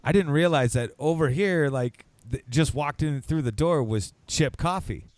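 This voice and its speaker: A man co-hosting a podcast, telling a story in an animated, laughing way. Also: on the high side, normal speed, dry recording. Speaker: podcast co-host. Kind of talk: casual storytelling.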